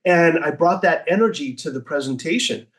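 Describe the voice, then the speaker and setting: A man in his sixties telling stories as a podcast guest, lively and acting out the voices of people he quotes. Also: fairly high pitch, moderate pace. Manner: animated, acts out quoted voices. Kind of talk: casual storytelling.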